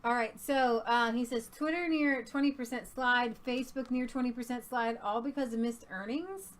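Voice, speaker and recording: A woman co-host reads posts aloud and comments on them, pausing often and filling the gaps with "uh" and "um". Her voice sits a little high. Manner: hesitant, many fillers. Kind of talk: casual chat reading posts aloud.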